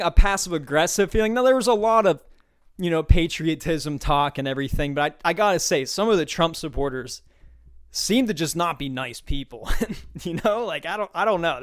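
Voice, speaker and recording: A man hosting his own talk show, telling a casual, profane story and mimicking people he met along the way. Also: a little high. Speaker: podcast host. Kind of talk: casual solo monologue.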